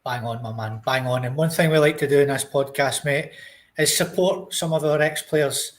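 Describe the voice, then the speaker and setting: A man with a Scottish accent, co-hosting a podcast who introduces topics and moves the casual football chat along. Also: mid-range voice. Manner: brisk, steers the topics. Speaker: podcast co-host.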